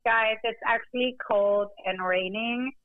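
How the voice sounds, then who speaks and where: Chatty lady calling in, kinda high voice, muffled phone sound. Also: fairly even intonation, a little slow, dry recording. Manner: cheerful, chatty. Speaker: caller. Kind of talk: casual phone chat. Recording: dull phone line.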